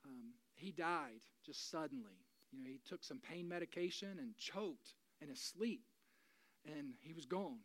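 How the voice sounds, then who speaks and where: A pastor in their forties giving a sermon, moving between loud, urgent preaching and quiet, confiding talk. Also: mid-range voice, measured pace, no room sound. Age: 40s. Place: church.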